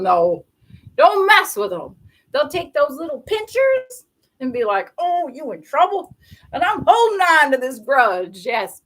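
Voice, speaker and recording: A young woman reads tarot cards live and chats along. Her voice is bubbly and giggly. It swoops up and down a lot, sits on the high side, and she rambles happily between cards. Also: low-quality recording. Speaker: tarot reader. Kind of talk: live tarot reading with chatty asides.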